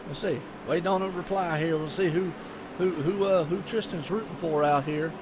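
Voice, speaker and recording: A man's voice: a little high, moderate pace, noisy background. Southern-accented male race commentator. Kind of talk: live sim-racing commentary.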